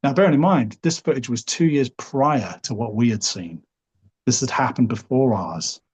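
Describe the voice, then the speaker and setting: Husky Liverpool man telling a story. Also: mid-range voice, expressive, normal speed. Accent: Liverpool English. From Liverpool, England. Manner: rambling, hedges often with "sort of" and "you know". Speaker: podcast guest. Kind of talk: relaxed storytelling.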